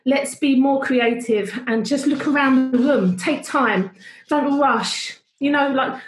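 A woman with a high voice speaks slowly, telling a story casually on a video call from home in an echoey room. A worship leader, she's chatty and animated and keeps interrupting herself.

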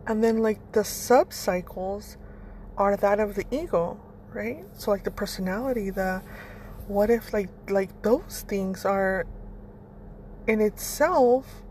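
A woman's voice: mid-range voice, slow pace, darkish tone, slight background noise. A woman hosting a casual motivational monologue, blunt and rambling, swearing freely as she talks. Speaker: podcast host.

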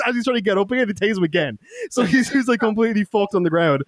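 A man's voice: high voice, animated, racing. A young Irish man, a podcast co-host, telling a loose, profane anecdote in casual chat, laughing and acting out quotes. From Ireland.

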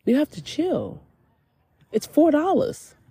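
A woman voicing God as a calm, soothing, laid-back male presence. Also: high voice, slow, dry recording, voice pushed up, full character voice.

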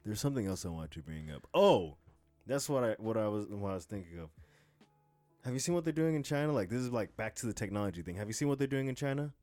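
A man's voice: fairly low pitch, animated, fast, a little mellow, no echo, soft background music. A young man co-hosting a casual podcast, talking in a rambling, profane way with lots of restarts. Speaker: podcast co-host.

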